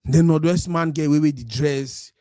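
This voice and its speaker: A man's voice: fairly high pitch, moderate pace, dark tone, no echo, studio quality. A man from Cameroon with a Cameroonian Pidgin English accent, hosting a live stream in a casual monologue that slides between Pidgin and English. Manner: mixes Pidgin and English, acts out quoted voices.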